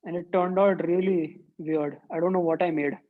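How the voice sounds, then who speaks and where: A woman's voice: fairly low pitch, steady tone, normal speed, narrow, tinny audio. A woman who teaches an online drawing workshop for children and thinks aloud as she sketches. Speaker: art teacher.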